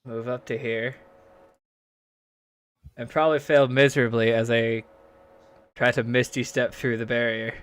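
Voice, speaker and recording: Man, tabletop player, bright forceful voice, self-mocking, thinks aloud. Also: mid-range voice, little pitch movement, measured pace, long pauses, a little hiss or hum. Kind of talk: playing a tabletop game.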